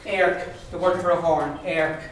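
Teacher drilling sounds in an echoey classroom. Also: male voice, a little high, steady tone, a little hiss or hum. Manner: drills words by repeating them slowly. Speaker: Irish language teacher. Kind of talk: classroom pronunciation lesson.

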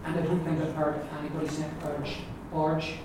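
A man with an Ulster accent teaches Irish pronunciation, modelling each word slowly and repeating it. His voice sits a little high and sounds distant in a very echoey classroom, with noise audible behind him. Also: little pitch movement. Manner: explains patiently, models words slowly and repeats them. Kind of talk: pronunciation lesson. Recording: echoey room, mic far off, background noise.

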